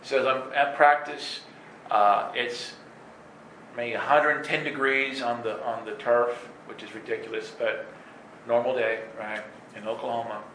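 A man telling stories from his life in an animated way, laughing and acting out voices. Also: mid-range voice, a little slow, a little hiss or hum. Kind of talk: storytelling talk. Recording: echoey room with faint ambience.

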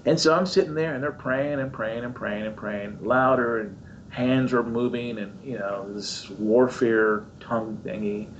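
A man's voice: unhurried, highs cut off, slight background noise. A man preaching, telling a story from his own life and acting out the voices in it. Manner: animated storyteller acting out his own voice and others, high squeaky jumps. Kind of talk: sermon storytelling.

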